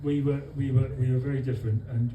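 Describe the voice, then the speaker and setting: At a restaurant, a London man gives a funny birthday speech for his wife to their friends, using deadpan comic timing, halting pauses and fillers. His voice is mid-range, caught from far off in an echoey dining room. It's very noisy, with guests laughing in the background.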